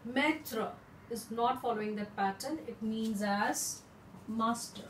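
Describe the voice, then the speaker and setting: A woman teaching French in a lesson, explaining slowly and repeating words for practice. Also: fairly high pitch, reverberant, far from the mic, slight background noise, low-quality recording.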